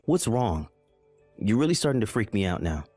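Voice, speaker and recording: A man's voice: lowish voice, very animated, moderate pace, warm tone, no echo, soft background music. A man voicing a bewildered, pleading young husband. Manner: confused, pleading, rising alarm. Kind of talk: dramatized story narration.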